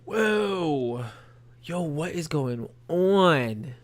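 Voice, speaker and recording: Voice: medium pitch, expressive, extremely slow. A streamer giving casual, slangy commentary while playing a video game, reacting emotionally to the story. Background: game audio and music.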